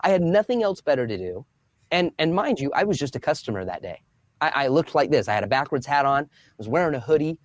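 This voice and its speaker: Animated man telling a story as a guest. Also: fairly high pitch, quick pace, dry recording. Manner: animated storyteller, acts out quoted voices. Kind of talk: storytelling interview answer.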